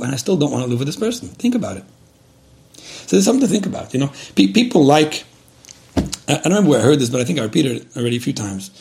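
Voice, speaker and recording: A man's voice: mid-range voice, creaky, a little mellow. A man giving a religious lecture, talking frankly and directly as he gives advice and repeats his points. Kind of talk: earnest spoken advice lecture.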